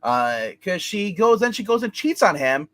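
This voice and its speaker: Very animated and pitched high, this podcast movie reviewer rambles through his take at normal speed, full of fillers and restarts, performing characters' lines as he goes. His tone is a bit bright.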